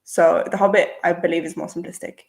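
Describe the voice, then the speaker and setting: A young woman hosting a casual livestream, reading out chat questions and answering in a relaxed, chatty way, thinking aloud before she replies. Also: fairly low pitch, brisk, vocal fry, a little hiss or hum. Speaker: channel host.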